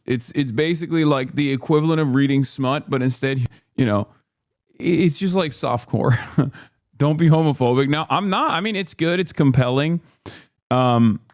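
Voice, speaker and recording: A man hosting a casual stream, rambling and animated, swinging from low mumbles to loud exasperated rants. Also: dry recording, studio quality. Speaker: streamer host.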